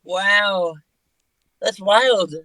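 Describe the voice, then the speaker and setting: A man with a high, bright voice chats as a guest musician on a podcast. He rambles loosely, restarting his sentences often. The recording is dry and close. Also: drawn-out words, no echo, low-quality recording. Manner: rambling, with many fillers and restarts. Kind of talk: casual podcast conversation.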